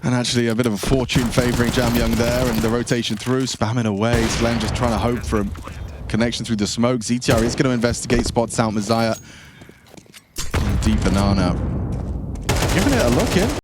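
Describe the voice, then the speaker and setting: Jokey male caster, worn voice. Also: a little fast. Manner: jokey, voice climbs high in exciting plays. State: voice worn from weeks of casting. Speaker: esports caster. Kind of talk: play-by-play commentary. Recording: clear background noise.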